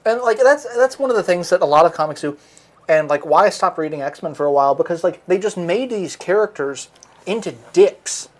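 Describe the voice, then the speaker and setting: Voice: mid-range voice, lively intonation, brisk. Rambling, profane livestream host. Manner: rambling, profane retelling of comic plots. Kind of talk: casual chat while streaming a game.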